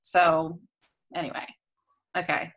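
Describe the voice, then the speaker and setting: A woman's voice: lowish voice, flat delivery, slow, fairly bright tone. A woman co-hosting a podcast in casual chat, telling stories candidly and with animation. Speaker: podcast co-host.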